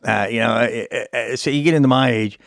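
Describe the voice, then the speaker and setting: Gravelly, profane man in his sixties. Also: medium pitch, fairly quick, fairly bright tone, no echo, studio quality. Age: 60s. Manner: profane, self-mocking storyteller. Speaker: podcast host. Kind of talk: casual interview chat.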